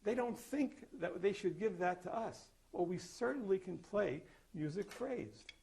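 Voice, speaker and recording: A man's voice: high voice, animated, unhurried, creaky, a little mellow. An older man teaching a percussion master class, explaining articulations and singing short example notes. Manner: explains then sings or plays examples.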